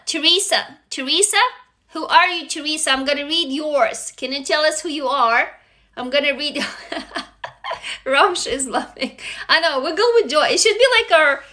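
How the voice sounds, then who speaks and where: A woman hosting a casual livestream, reading viewers' stories aloud and gushing excitedly between them, swearing freely into a phone. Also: sits high.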